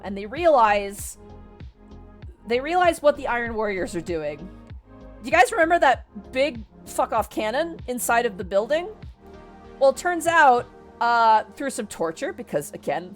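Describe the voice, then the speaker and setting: A young woman streamer casually retelling a novel to her chat, talking quickly and excitedly, swearing freely and laughing mid-sentence. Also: on the high side, faint music behind. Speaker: VTuber streamer.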